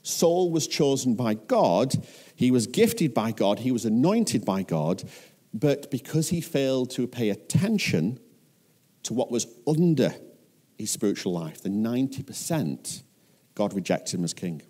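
A man's voice: mid-range voice, sing-song, a little slow, warm tone. A man with a Northern English accent preaching a sermon as a pastor, earnest and often putting questions to his listeners.

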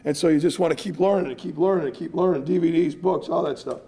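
A man's voice: a little high, fast, mellow. A man, a strength coach, giving a clinic presentation in an earnest, emphatic, repetitive way.

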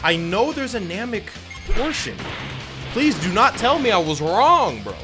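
A young man talks through his gameplay in a fairly high, lively voice that jumps around as he jokes and uses slang. Game music plays clearly underneath. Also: unhurried. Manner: animated, joking, slangy. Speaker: gaming YouTuber. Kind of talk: casual gameplay commentary.

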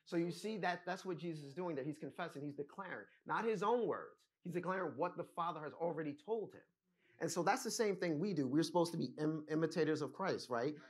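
A man's voice: fairly high pitch, brisk, breathy edge. Man preaching a teaching sermon. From United States. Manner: teaching with frequent "right?" and "amen?" check-ins. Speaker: pastor.

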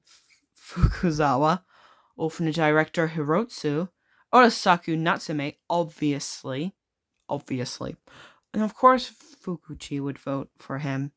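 Swearing woman gamer, fairly low voice. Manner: swears often, reads on-screen text aloud with quick reactions. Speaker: gaming video creator. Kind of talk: casual let's-play commentary.

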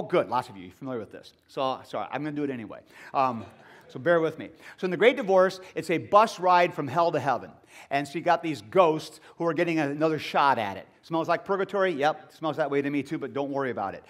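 A man, a seminary professor, giving a lively lecture to an audience with enthusiastic, chatty asides. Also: on the high side. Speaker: seminary professor speaking at a gathering.

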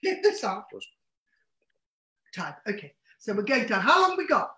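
Bright-voiced woman chef, echoey. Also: mid-range voice, big pitch swings, unhurried. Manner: bubbly, instructive, exclamatory. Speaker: chef and co-host. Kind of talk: live cooking demonstration over video call. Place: home kitchen. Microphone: video call. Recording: echoey kitchen over video call.

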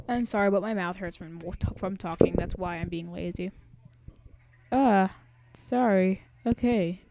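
A woman's voice: medium pitch, a little slow, warm tone, slight background noise. A young woman narrating a let's play, chatty and sarcastic, rambling with singsong asides. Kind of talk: casual game commentary.

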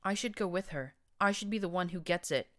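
A woman's voice: lowish voice, brisk, fairly bright tone, voice pushed up, natural voice. A scrawny, nervous young stallion, voiced by a woman reading a story aloud. He whines and mutters anxiously in a raised, thin voice. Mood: pleading.

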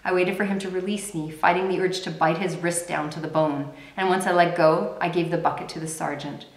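Brief: female reader, measured dramatic read-aloud, lowish voice, roomy room sound. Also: fairly even intonation. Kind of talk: reading a novel aloud. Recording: roomy echo.

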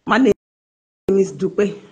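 A woman in her forties with a Yoruba accent calls in over a video call. She speaks hesitantly and giggles nervously. Her voice is husky and mid-pitched. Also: animated, slow, warm tone, lo-fi sound. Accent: Nigerian, Yoruba. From Nigeria. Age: 40s. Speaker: caller.

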